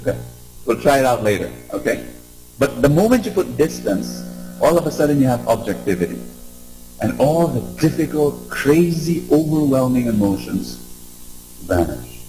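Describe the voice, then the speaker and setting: A man giving an inspirational talk to a live audience, animated and engaging, asking questions and leading call-and-response. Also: mid-range voice, moderate pace, soft background music, rough recording. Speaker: motivational speaker.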